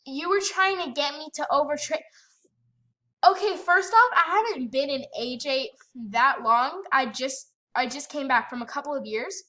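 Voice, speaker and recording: Sassy high bright-voiced woman ranting. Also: moderate pace, few pauses. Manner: sassy, indignant, exasperated. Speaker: gaming channel host. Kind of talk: ranting gameplay commentary. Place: at home by a computer.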